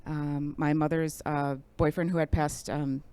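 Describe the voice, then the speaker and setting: A woman appearing as a guest on a talk show, soft-spoken and halting with frequent fillers as she talks. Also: low-pitched, level tone, clear, resonant tone. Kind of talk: casual interview.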